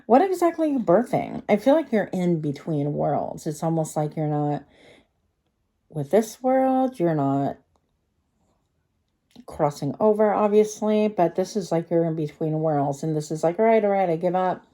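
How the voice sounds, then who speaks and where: A woman's voice: on the low side, big pitch swings, measured pace, dark tone. A woman giving a pick-a-card tarot reading, chatty and rambling, thinking aloud with many fillers and slightly slurred speech from a retainer.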